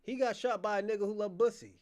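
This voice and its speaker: Talking quickly in a high-pitched voice with a darkish tone, this channel host goes on a livestream rant at his chat. He's profane, combative and mocking, with laughs between jabs.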